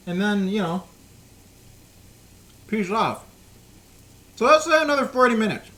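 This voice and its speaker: A man's voice: sits high, lively intonation, normal speed, long pauses, a bit bright. A man hosting a live baking stream at home in his kitchen, chatting casually and playfully, talking to himself and humming little tunes. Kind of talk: casual live-stream chat while cooking.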